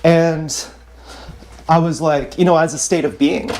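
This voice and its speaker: A man's voice: on the high side, steady tone, unhurried, background noise. A man livestreaming a rambling confessional monologue in a blunt, repetitive, self-questioning way, recorded on an action camera mic.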